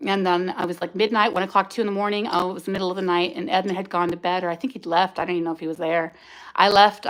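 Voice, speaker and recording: A woman's voice: medium pitch, fairly bright tone. A woman hosting a livestream, telling her own story in a candid, rambling and emotional way. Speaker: livestream host.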